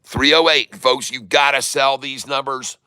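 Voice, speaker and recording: Bright-voiced excitable trading streamer man. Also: mid-range voice, unhurried, clear, resonant tone. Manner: excitable, coaching viewers, repeats prices aloud. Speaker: day-trading livestream host. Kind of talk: live trading commentary.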